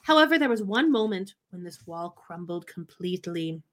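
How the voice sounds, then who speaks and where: A woman's voice: lowish voice, big pitch swings, moderate pace. A woman co-hosting a podcast, reading a memoir aloud with playful, wry asides. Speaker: podcast co-host.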